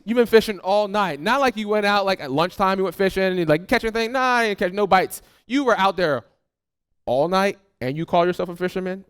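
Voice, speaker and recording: A pastor preaching a sermon to his congregation. He talks to them directly in a conversational, animated way and acts out people's replies. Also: high-pitched, clean tone.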